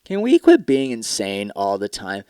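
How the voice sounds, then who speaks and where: A man's voice: lowish voice, wildly swooping pitch, moderate pace, mellow, clear, resonant tone, dry recording, clean studio sound. Tired, profane young man ranting. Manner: profane, sarcastic, rambling. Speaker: podcast host. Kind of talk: casual solo podcast rant.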